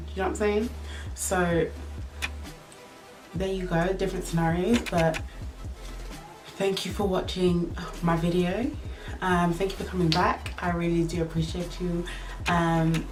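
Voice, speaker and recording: A woman's voice: on the low side, little pitch movement, normal speed, over music. A young adult woman chatting casually through a makeup tutorial in a playful, joking way, coining silly words as she goes. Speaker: beauty vlogger. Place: indoors at home under studio lights.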